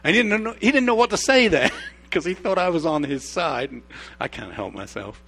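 A middle-aged man preaching with a fairly high voice that moves up and down a lot. He's an expressive storyteller who drops to a hushed tone for emphasis and then gets lively again, all in the flow of a sermon. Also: fairly quick, gravelly, breathy edge. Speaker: pastor. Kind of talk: sermon with personal stories.

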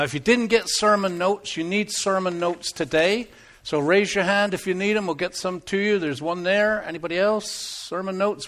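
A man's voice: high voice, fairly bright tone. A man from England with a Devon accent, preaching a sermon in a joking, conversational way at a church service. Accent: English, Devon. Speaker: pastor. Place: church service, live and streamed.

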